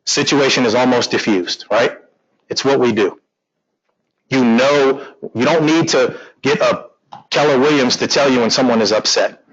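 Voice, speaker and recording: Husky-voiced guy teaching a real estate class, jokey and animated, kinda dull lo-fi sound. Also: mid-range voice, moderate pace. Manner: animated, joking, acts out quotes. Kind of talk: classroom training talk.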